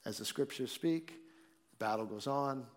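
A man preaching a sermon, reading scripture slowly and then explaining it in a conversational way. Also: mid-range voice. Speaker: pastor. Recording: long reverb in a large hall.

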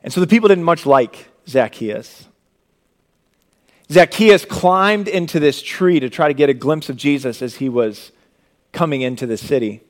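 A young man delivers a sermon with a fairly high-pitched voice. He moves between loud, driving emphasis and quiet, low-voiced moments. His delivery stays dynamic and earnest from start to finish. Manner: dynamic preaching, swinging from loud emphasis to hushed low tones. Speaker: pastor.

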